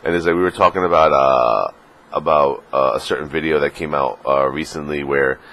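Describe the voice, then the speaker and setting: A man's voice: rumbling low, steady tone, fairly quick, a bit bright. A man vlogging casually, joking crudely and rambling with lots of fillers, a little sniffly in the morning. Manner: crude, joking, full of fillers, slips into mocking put-on voices. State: sniffly, just woke up. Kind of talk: casual vlog rant.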